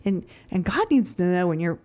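A woman's voice: lowish voice, sing-song, moderate pace, a little mellow. A woman who runs a food charity, telling a faith story in casual, earnest talk with many restarts. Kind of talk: casual testimony.

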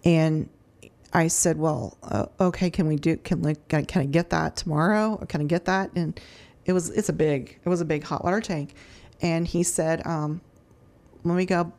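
An earnest woman tells a story in a loose, conversational way, often starting her sentences over. Her voice sits a little low for a woman. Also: steady tone, moderate pace, a little mellow. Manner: earnest storyteller, many restarts. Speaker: food charity director. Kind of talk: casual testimony.

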